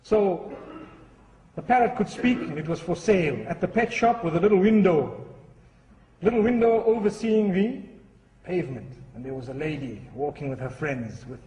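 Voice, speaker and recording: High-voiced man preaching in an echoey hall. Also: a little mellow. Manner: earnest, storytelling. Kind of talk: sermon with a humorous story. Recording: echoey hall, far from the mic.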